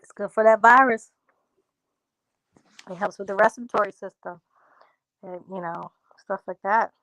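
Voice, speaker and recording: A woman chats on a livestream, reading out her viewers' comments and answering each one. Her talk is loose and unhurried, drifting into a country drawl. The sound is dry and close, with no room around her. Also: medium pitch, a bit bright, no echo, rough recording. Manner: talks straight to viewers, reads out comments and answers them. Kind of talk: casual livestream chat.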